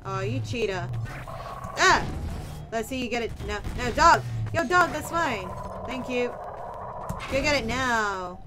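A woman casually commentating her gameplay, excitable and playful, whooping and using slang. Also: fairly high pitch, measured pace, pauses often, music in the background. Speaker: let's play gamer.

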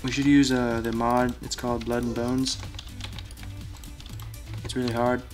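A man's voice: medium pitch, little pitch movement, unhurried, a little mellow, soft background music. A man playing a block-building game, chatting casually and thinking aloud as he plays. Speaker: Minecraft player. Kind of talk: casual gameplay chat.

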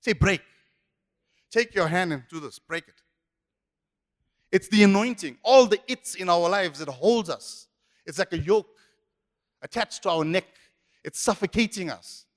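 A man's voice: high voice, lively intonation, measured pace, pauses often. A man preaching a sermon as pastor, emphatic and repetitive. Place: church hall. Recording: echoey church hall.

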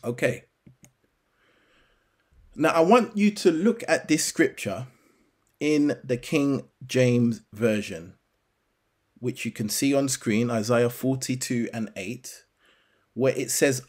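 Slow, deliberate man teaching scripture. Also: medium pitch, darkish tone. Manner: deliberate, rhetorical questions to the listener. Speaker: bible teacher.

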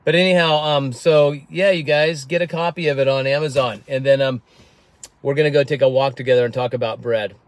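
A man's voice: mid-range voice, steady tone, brisk, no echo. A man vlogging casually about a book he is reading, rambling with many restarts, recorded outdoors through an earphone mic. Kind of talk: casual talk to camera. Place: outdoors on windy clifftop.

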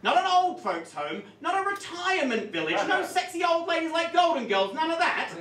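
A man doing live stand-up, telling a story in an animated, swearing comic manner on a club stage. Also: very high voice. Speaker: stand-up comedian. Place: comedy club stage with audience. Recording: echoey club room, distant mic.

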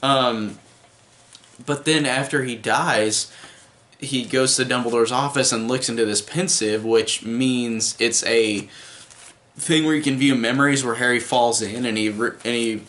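Guy with a bright sharp voice going over a movie, lots of um and like, keeps restarting. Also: medium pitch, steady tone, unhurried. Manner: rambling, lots of fillers and restarts. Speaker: film reviewer. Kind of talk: casual spoiler review.

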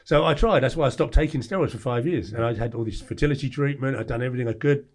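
Brief: English man, 40s, interview guest, rapid, blunt storyteller, mid-pitched. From England. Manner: blunt, animated storyteller who acts out quoted lines. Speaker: podcast guest.

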